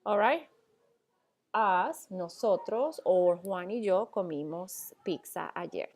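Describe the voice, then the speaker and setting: This woman's voice is lowish with a darkish tone. Teaching Spanish in a classroom lecture, she patiently goes slowly and checks in frequently with "okay?" and "all right?"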